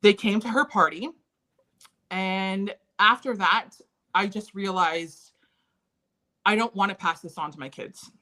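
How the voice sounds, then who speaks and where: A woman's voice: mid-range voice, a little slow, pauses often, sharp tone. A woman in her thirties, an interview guest, candidly and earnestly recounting painful family memories. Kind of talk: personal storytelling in a conversation.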